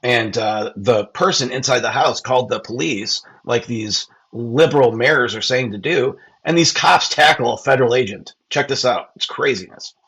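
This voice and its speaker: A man's voice: mid-range voice, moderate pace, hardly any pauses, a bit bright, breathy edge, poor audio. A man hosting a podcast, talking casually and bluntly over clips, with rambling hesitations and profanity. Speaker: podcast host. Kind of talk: casual political commentary.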